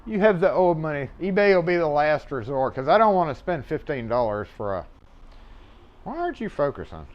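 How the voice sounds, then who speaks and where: A man's voice: fairly high pitch, very animated, brisk, lo-fi sound. A man hosting a casual locksmith livestream from his shop, rambling and offhand, cursing now and then as he works on a lock. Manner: rambling, offhand, swears and chuckles while working. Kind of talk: casual live-stream chat. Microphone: mobile mic.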